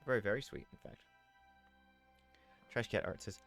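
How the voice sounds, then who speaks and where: A man's voice: on the low side, moderate pace, a bit bright, soft background music. A man streaming a game live, chatting casually, reading viewer messages aloud and slipping in and out of a playful role-play. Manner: playful, rambling, reads chat messages aloud.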